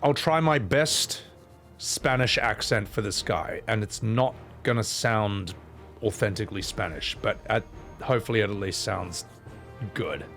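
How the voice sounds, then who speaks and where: A man's voice: on the low side, unhurried, creaky, a bit bright. A man, chatting casually with his viewers as a streamer. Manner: rambling, reading chat aloud with fillers. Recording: faint game music behind. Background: faint game music.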